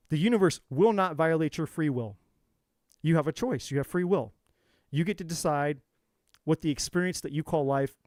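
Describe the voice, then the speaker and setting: This tarot reader's motivational speech to his audience is intense and sermon-like, full of profanity and repeated phrases meant to drive the point home. He has a somewhat high male voice with a darkish tone, and the audio is close-miked and dry, with hardly any echo.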